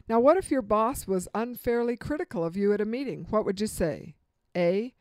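A woman's voice: medium pitch, expressive, warm tone, dry recording. Woman teaching how to talk to people, walks you thru options, bit of humor, dry close sound. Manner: measured, quizzing the listener with multiple-choice examples. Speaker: communication instructor. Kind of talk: instructional talk.

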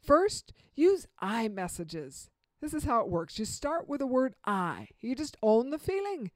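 A middle-aged woman giving an earnest instructional talk, slowing down to stress key points. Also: on the high side, very animated, no room sound. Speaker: communication speaker.

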